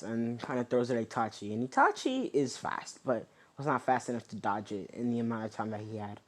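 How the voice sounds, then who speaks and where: A man's voice: mid-range voice, lively intonation, fairly quick. A young man improvising a fan story narration, rambling with many fillers and self-corrections.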